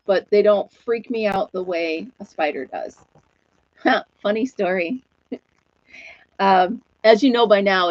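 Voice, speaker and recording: Woman host, 40s, warm casual chatter with viewers, laughs often; flat dull dry sound. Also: mid-range voice, no echo. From New York State. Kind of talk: casual chat.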